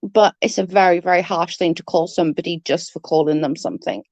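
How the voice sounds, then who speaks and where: A woman's voice: on the low side, fairly even intonation, fast, darkish tone, no echo. A woman streaming live, chatting casually and rambling with her viewers, swearing now and then.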